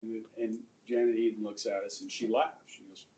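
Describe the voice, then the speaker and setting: A middle-aged male high school history teacher telling a story to his class, checking in with "okay?" and acting out the people in it. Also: little pitch movement, normal speed, few pauses, dark tone, lo-fi sound. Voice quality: conversational, acts out quoted voices, asks "okay?" often. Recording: distant mic in a classroom, faint room noise.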